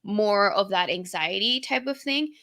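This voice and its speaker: A woman's voice: mid-range voice, animated, unhurried, fairly bright tone. A young woman co-hosting a podcast, talking candidly and casually, swearing now and then as she retells personal moments. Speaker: podcast co-host. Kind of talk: casual conversation.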